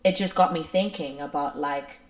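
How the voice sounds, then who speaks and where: A woman's voice: low-pitched, moderate pace, echoey room. A young woman in her twenties from South Africa, with a South African accent, co-hosting a podcast in a rambling casual chat full of "like". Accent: South African English. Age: 20s. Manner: rambling, full of "like" fillers, swings from lively to soft. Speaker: podcast co-host.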